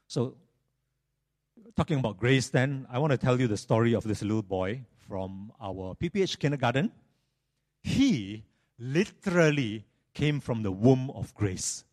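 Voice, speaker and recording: A male preacher delivers a sermon whose pitch rises and falls freely. He tells stories with animation and sometimes doubles back on a phrase. He sits at an ordinary, mid-range pitch for a man. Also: unhurried, pauses often. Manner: animated, repeats phrases, storytelling.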